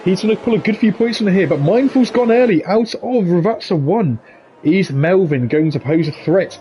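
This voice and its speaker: A man calling a live sim race in a slightly high, bright-pitched voice. He talks in a chatty, joking way, with quick asides between the race calls. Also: lo-fi sound, a little hiss or hum. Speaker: esports race commentator. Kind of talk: live sim racing commentary.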